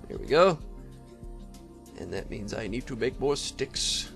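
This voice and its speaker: A man's voice: mid-range voice, lively intonation, measured pace, a bit bright. Man, casual gameplay commentary, rambling, chatty with enemies, faint background music. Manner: rambling, talks to mobs, frequent laughs and throat clearing. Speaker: Let's Play gamer.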